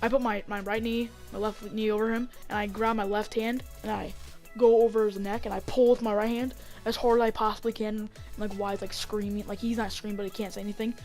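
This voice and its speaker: A woman telling a story in a casual vlog, rambling with lots of fillers and getting excited as she acts it out on a desk mic. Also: mid-range voice, fairly quick, faint music behind. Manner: rambling, heavy on fillers, gets excited acting out the fight. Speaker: vlogger.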